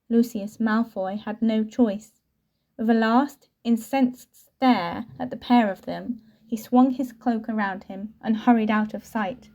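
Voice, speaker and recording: A woman reading a novel aloud with steady, clear storytelling. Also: a little high, a little slow. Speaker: audiobook reader.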